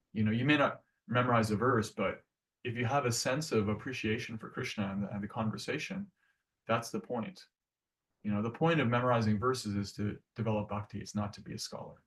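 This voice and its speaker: A man's voice: mid-range voice, recorded from a distance. A man giving a casual devotional class, talking earnestly and conversationally with many restarts.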